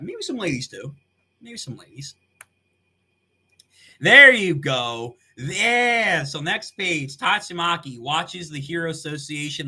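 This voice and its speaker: A man's voice: a little high, sharp tone. A man reacting live on stream, talking in a casual, slangy way with frequent swearing and laughter.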